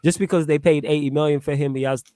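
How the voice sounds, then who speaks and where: A man hosting a casual football chat, slangy and animated, laughing often. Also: fairly high pitch, fast talker, no echo, clean studio sound. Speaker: podcast host.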